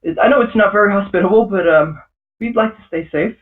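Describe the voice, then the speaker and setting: A nervous village father who keeps stammering and trying to turn visitors away, as a game master puts him on. The voice sits high and tight, and it sounds dull, as if caught from a distance. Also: fast, natural voice. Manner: stammering, defensive, evasive. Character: nervous protective village father, middle-aged man.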